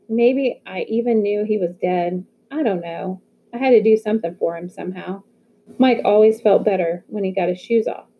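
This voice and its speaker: A woman's voice: mid-range voice, a little hiss or hum, lightly acted. A woman reading the lines of a grieving, bitter teenage boy in an audiobook. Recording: phone-like narrow audio.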